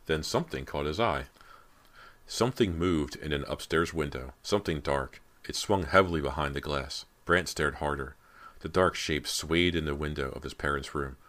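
Very deep-voiced male narrator. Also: moderate pace, fairly bright tone. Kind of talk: audiobook narration.

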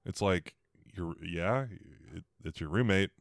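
A man's voice: low-pitched, measured pace, gravelly, no room sound, studio quality. A man co-hosting a podcast, chiming in with mocking impressions while recapping a reality show. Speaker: podcast co-host.

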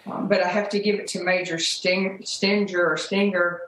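A woman giving a TV interview as a mother, halting and upset, with many restarts. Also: on the low side, steady tone, a bit bright, echoey room, slight background noise, poor audio.

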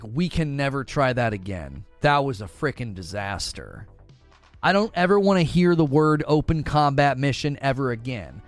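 A man's voice: fairly high pitch, no echo. A man with a slightly raised voice delivers a heated, opinionated rant. He talks casually, doubles back on his words and presses his points hard. Faint music plays underneath. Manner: emphatic, heated, repeats words, mocking quoted voices. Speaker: gaming commentator.

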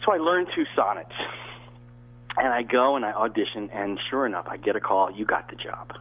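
A man's voice: on the low side, animated, a little fast. An older man from the American South, an actor guest telling rambling anecdotes with many restarts over a phone-like line. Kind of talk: casual interview storytelling.

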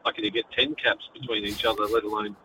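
A man's voice: on the low side, steady tone, a little fast, pushed and bright, a little hiss or hum. A man with a New Zealand accent calling in to a radio show, rambling and laughing often. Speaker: caller. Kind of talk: casual phone-in chat. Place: in transit. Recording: dull phone line.

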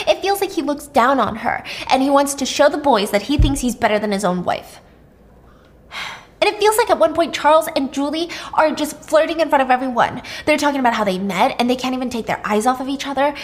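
Chatty, animated woman with a higher voice. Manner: animated and chatty, with frequent asides and swearing. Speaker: storyteller host. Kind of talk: casual storytime recap of a thriller.

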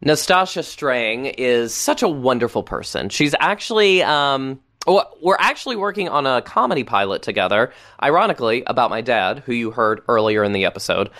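A man hosting a podcast, introducing clips with chatty, offhand asides. His voice is lively and animated. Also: medium pitch, normal speed, few pauses. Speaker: podcast host. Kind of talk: scripted introduction.

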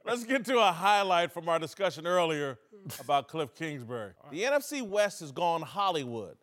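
High-voiced man hosting sports talk. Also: big pitch swings, moderate pace, a bit bright. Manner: blunt, playful ratings delivery. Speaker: sports show host.

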